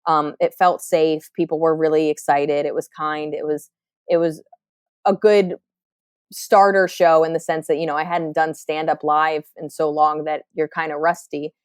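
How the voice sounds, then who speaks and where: Woman, stand-up comedian, candid podcast chat, restarts a lot, crisp clear voice. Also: deep voice, level tone, moderate pace, dry recording, studio quality. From New Jersey. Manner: candid, reflective, with frequent fillers and restarts. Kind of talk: casual podcast interview.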